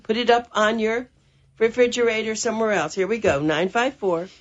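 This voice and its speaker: Higher-voiced chatty woman radio host. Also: fairly even intonation, normal speed. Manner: chatty, laughs a lot, playful. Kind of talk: casual radio chat. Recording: dull lo-fi radio broadcast.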